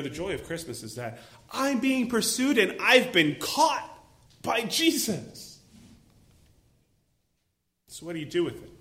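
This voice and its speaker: Animated preacher man in an echoey room. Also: high-pitched. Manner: animated, acts out voices and exclaims. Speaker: pastor. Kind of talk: sermon.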